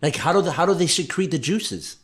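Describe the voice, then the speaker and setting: A man's voice: a little high, expressive, a little fast. A married man co-hosting a casual podcast, playful and teasing, asking curious questions. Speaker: podcast co-host. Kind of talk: casual chat.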